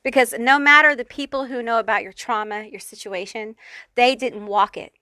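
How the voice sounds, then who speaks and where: A woman's voice: fairly high pitch, fairly even intonation, normal speed, bright, forceful tone. Fired-up, foul-mouthed woman reading tarot. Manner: blunt, profane and fired-up, talking straight to the viewer. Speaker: tarot reader. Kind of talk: pick-a-card tarot reading.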